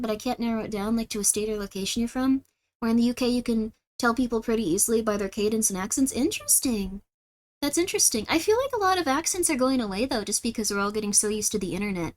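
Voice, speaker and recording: A livestream host with a Californian Valley Girl accent talks casually to her viewers in a fairly high voice. She rambles and drops "like" into nearly every sentence. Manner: says "like" constantly, chatty and rambling. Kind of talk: casual stream chat, reacting to viewers.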